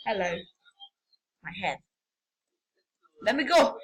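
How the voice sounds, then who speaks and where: A woman giving casual, rambling game commentary, excitable and prone to sudden yelps and shouts. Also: medium pitch, slow pace, slightly rough, poor audio. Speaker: gamer.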